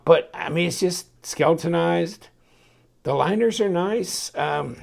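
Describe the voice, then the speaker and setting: Man, knife reviewer, gravelly voice, slightly high pitch, folksy and chatty while tinkering. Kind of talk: casual hands-on review.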